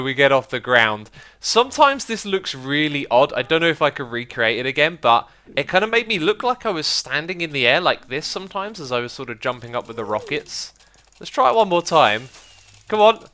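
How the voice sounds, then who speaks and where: A man with a fairly high, bright voice talks through a game session in relaxed commentary. His pitch swoops up and down as he gets excited and laughs often. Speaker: Minecraft YouTuber. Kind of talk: casual gameplay commentary.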